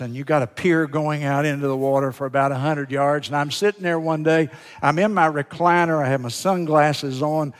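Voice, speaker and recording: Folksy preacher in a reverberant church. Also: male voice, fairly high pitch. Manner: folksy storytelling preacher, swings from loud to hushed. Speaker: pastor. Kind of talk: sermon. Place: large church sanctuary.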